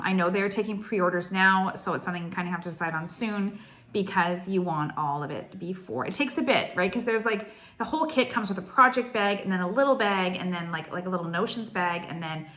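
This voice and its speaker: Excitable woman vlogger. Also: fairly low pitch, a little fast. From Canada. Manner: excitable, gushing, heavy use of "like". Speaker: cross stitch vlogger. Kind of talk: casual chatty storytelling.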